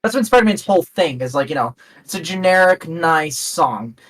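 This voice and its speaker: A man's voice: fairly high pitch, lively intonation, normal speed, a bit bright, distant mic, low-quality recording. A man co-hosting a casual game review podcast, talking enthusiastically and repeating himself as he makes his points. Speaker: podcast co-host.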